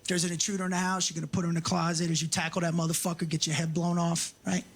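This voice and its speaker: Brash high-voiced male stand-up comic. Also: little pitch movement, very fast, breathy edge. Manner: brash, profane, mocking, shouts and puts on voices for punchlines. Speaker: stand-up comedian. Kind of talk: stand-up comedy set. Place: comedy club stage with a laughing audience. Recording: live club recording with audible crowd ambience.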